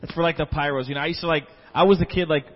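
A man's voice: a little high, fairly even intonation, very fast. A man speaking in church at offering time, telling an earnest, emotional story and then leading a prayer. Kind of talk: sermon testimony and prayer. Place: church hall. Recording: dull sound in a reverberant hall.

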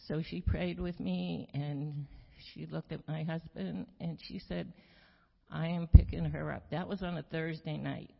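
An older woman giving a personal testimony, halting and slow with many pauses and repeated words. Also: sits low, steady tone, creaky, breathy edge. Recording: echoey hall, muffled sound.

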